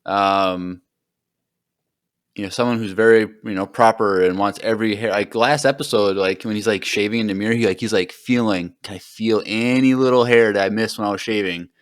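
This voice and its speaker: A man's voice: fairly low pitch, fairly even intonation, a little fast. A man hosting a podcast, chatting casually through an episode recap and filling his speech with "like" and "um.". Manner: rambling, heavy on fillers like "like". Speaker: podcast host.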